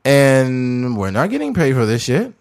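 A man co-hosting a podcast, talking in an animated way, joking and swearing freely. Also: medium pitch, a little slow. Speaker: podcast co-host. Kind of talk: casual chat.

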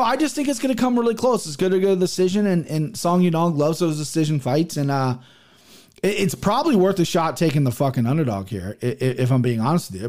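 Young guy rambling through fight picks, swears a lot, voice sits a bit high. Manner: profane, rambling, animated, with many restarts. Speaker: MMA betting picks host. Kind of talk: casual solo picks show.

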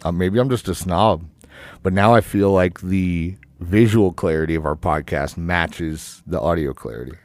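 A man co-hosting a podcast in relaxed, rambling chat with lots of fillers and some vocal fry, on a studio microphone. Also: low-pitched, moderate pace, dry recording. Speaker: podcast co-host.

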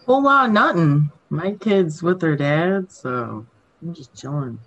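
Easygoing woman streamer, slow drawl, voice bounces up and down a lot. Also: low-pitched, expressive, a bit bright, lo-fi sound. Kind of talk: casual stream chat.

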